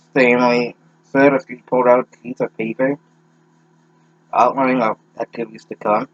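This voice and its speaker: A man's voice: mid-range voice, flat delivery, normal speed, pauses often, no echo, muffled recording. A young man reading a fanfic aloud with sarcastic, profane asides, stumbling over words. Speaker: reader mocking a fanfic.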